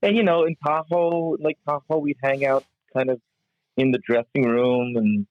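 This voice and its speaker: A man, a comedian and musician, telling a backstage anecdote in a podcast interview with laughs and halting restarts. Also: medium pitch, dry recording. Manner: animated storyteller, laughs often, halting restarts. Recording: dull, lo-fi, dry sound.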